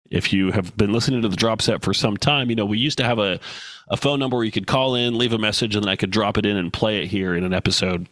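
A man's voice: fairly low pitch, a bit bright, dry recording. A man hosting his own podcast in a casual solo talk, blunt, profane and joking. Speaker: podcast host. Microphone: studio microphone with headphones.

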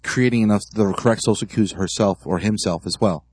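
A lower-voiced man in relaxed podcast chat, deadpan and sparing with his words. He talks at an easy pace, and his voice comes across close and dry. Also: fairly quick, breathy edge, dry recording. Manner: terse and deadpan. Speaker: podcast co-host. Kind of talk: casual chat.

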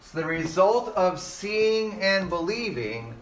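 A man's voice: high-pitched, very animated, slow, slight background noise. A man teaching a Bible class, quizzing his students with rhetorical questions and acting out quoted exchanges. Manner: acts out voices in quoted exchanges.

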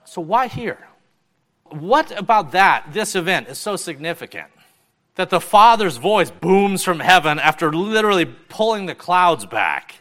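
A man, a Baptist pastor, preaching a sermon with rhetorical questions, rising emphasis and quiet drops. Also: high-pitched. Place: church.

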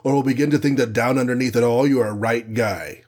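A man reading aloud and voicing a giant male superhero who rumbles his teasing lines. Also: fast talker, a little mellow, natural voice. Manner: rumbling, half accusing.

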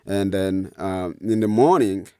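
Low-voiced man, halting speech. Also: warm tone, clean tone, no echo, clean studio sound. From Democratic Republic of Congo. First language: not English. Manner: halting, many fillers and restarts. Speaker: guest. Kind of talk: storytelling interview.

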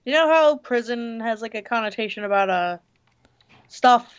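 A woman co-hosting a casual movie review chat, hoarse from losing her voice, blunt and hesitant with many fillers. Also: fairly high pitch, lively intonation, normal speed, highs cut off. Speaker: podcast co-host reviewing a movie.

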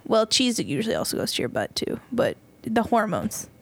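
A woman's voice: medium pitch, huge pitch swings, normal speed, vocal fry. A young woman co-hosting a casual podcast chat, chatty and giggly, rambling through her stories. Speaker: podcast co-host.

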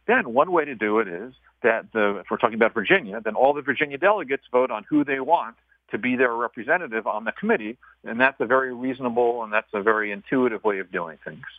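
A man's voice: mid-range voice, lively intonation, fast talker, dry recording. A man who is a regular guest on a radio show, explaining history step by step in a teacher-like way. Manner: explanatory, teacher-like, walks the host through points step by step. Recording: tinny phone line.

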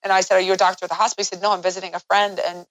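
A woman guest in an interview, telling a personal story in an earnest way that grows animated as she recounts events. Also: mid-range voice, very fast, no room sound, low-quality recording.

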